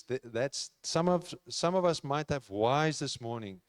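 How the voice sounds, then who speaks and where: A man's voice: a little high, normal speed, few pauses, clear, resonant tone, no echo, studio quality. A man preaching a sermon in an earnest, conversational way, repeating key phrases for emphasis. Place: church.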